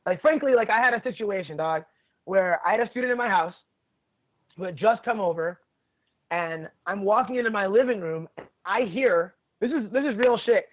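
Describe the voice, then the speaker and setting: A man with a fairly high voice tells stories casually, blunt and often profane, laughing as he goes. The audio is narrow and tinny, like it came through a phone line. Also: moderate pace. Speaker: jiu-jitsu instructor, podcast guest. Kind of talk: casual storytelling chat.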